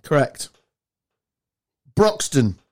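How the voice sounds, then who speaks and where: A man hosting a quiz game with friends in casual banter, playful and teasing. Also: extremely slow. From England. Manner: playful, teasing quizmaster, lively pitch swings. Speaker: podcast host running a quiz game.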